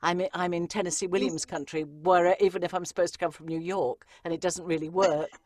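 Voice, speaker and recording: Low-voiced chatty woman narrator. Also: fairly quick, dry recording, clean studio sound. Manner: chatty, lively, frequent ums and asides. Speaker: audiobook narrator, guest. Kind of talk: conversational interview answers.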